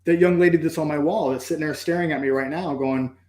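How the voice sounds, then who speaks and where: Earnest higher-voiced man in echoey room. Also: steady tone, quick pace, a little mellow. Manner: earnest, reflective, acts out inner dialogue with "I'm like". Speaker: podcast guest, entrepreneur. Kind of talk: emotional personal storytelling.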